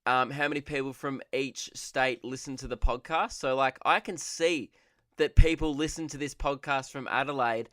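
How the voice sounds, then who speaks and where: A man's voice: medium pitch, steady tone, moderate pace, a bit bright, no echo, clean studio sound. Rambling sarcastic man. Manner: rambling, sarcastic, laughs at own jokes. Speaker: comedian podcast host. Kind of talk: solo comedy podcast.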